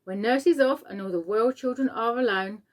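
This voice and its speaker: A woman's voice: fairly high pitch, moderate pace, close to an everyday voice. A woman voicing a cheery young boy. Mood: reciting. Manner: eager, reassuring. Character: cheerful friendly small boy.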